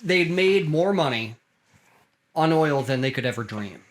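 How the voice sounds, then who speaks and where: Higher-voiced man telling history casually. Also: animated, a little slow. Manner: storytelling, acts out quotes, laughs often, swears. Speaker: podcast co-host. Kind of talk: casual history podcast chat.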